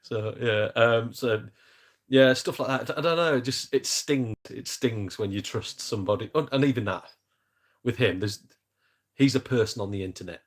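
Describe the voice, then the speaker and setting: A man's voice: mid-range voice, normal speed. A man hosting a casual gaming live-stream chat, rambling and self-deprecating with jokes. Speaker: gaming YouTuber host.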